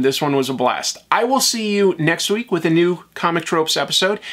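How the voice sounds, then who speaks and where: A man hosting a comics video show, signing off in a relaxed, chatty way and correcting himself now and then. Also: fairly high pitch. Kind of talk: casual video outro and bloopers.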